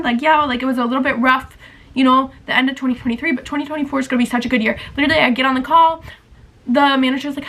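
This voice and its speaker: Her voice sits high and a bit bright, moving slightly fast with a steady tone, and the audio is poor. She's a twenty-something vlogger spilling her feelings in a meandering, confessional way, leaning heavily on "like."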